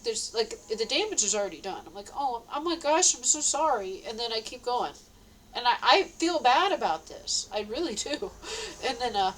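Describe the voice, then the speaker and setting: A woman's voice: a little high, fairly bright tone, a little hiss or hum, rough recording. A woman telling a personal story in a casual, rambling way, with many restarts and quoted exclamations. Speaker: vlogger.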